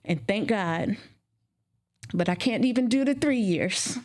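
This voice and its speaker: A woman dentist telling her career story in an interview, emotional and animated, acting out what she said back then. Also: medium pitch, measured pace. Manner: emotional, animated, acts out her own quotes.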